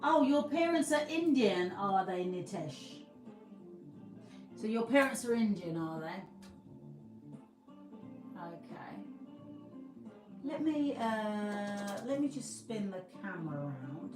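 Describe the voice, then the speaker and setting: A woman's voice: medium pitch, animated, slow pace, pauses often, recorded from a distance. A woman from the UK talks casually to her livestream viewers, rambling and restarting her sentences as she goes. She sits a little away from the microphone in an echoey room, with faint music playing behind her. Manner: chatty, rambling, restarts often. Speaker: livestream host. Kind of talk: casual live chat with viewers. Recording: roomy, from the mic, faint music.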